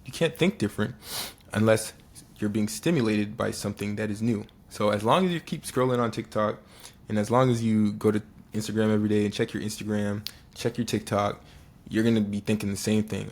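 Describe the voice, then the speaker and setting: A young man with a fairly low voice talks straight to the listener in a casual motivational monologue. He is earnest and repetitive, restarting phrases and saying key lines twice to drive them home. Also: a little fast. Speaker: motivational speaker.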